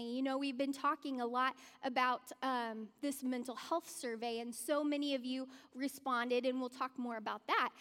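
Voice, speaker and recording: A woman's voice: high voice, fairly bright tone. A woman speaking in a church, giving a conversational sermon and addressing the congregation directly. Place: church hall. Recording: long church-hall reverb.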